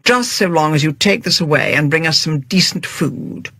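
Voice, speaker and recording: A narrator doing a mild, dry-humoured gentleman. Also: fairly high pitch, no echo. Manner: mild, measured, stiffly polite.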